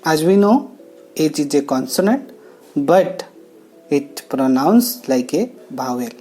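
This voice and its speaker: Low, mellow-voiced woman teaching a lesson. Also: expressive. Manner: slow, explanatory teacher talk with pauses. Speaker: English teacher. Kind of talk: classroom lesson narration. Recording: faint background music.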